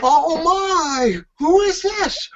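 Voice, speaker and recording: Man parodying a shrill male ring announcer, screaming each call; muffled low-fi recording. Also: lively intonation, full character voice. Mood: overexcited. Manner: screaming, drawn-out exclamations. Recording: dull lo-fi.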